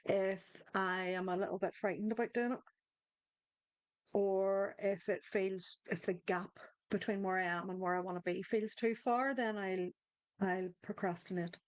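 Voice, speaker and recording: A woman's voice: mid-range voice, steady tone, a little slow, no echo. A woman hosting a live online coaching circle, talking conversationally, restarting her sentences and addressing viewers in the chat. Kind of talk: live-stream group coaching talk.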